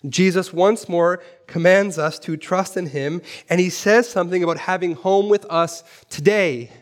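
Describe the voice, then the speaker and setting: A man preaching a sermon in a church, animated, asking rhetorical questions and repeating phrases for emphasis. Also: sits high, moderate pace. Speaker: pastor.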